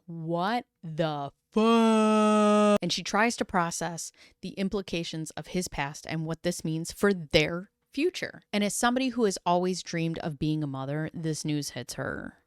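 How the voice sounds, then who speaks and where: Woman, casual true-crime recap, smooth clear voice, dry close sound, dramatic playful storytelling. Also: sits low, no room sound. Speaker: YouTube commentator.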